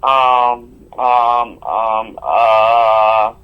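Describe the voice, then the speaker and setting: A man's voice: medium pitch, little pitch movement, extremely slow, clean tone. A man on a muffled call line, chatting casually with a stream host. He stops and restarts often to hunt for words, and laughs along the way. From United States. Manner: hesitant, many ums and restarts, laughs. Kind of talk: casual chat.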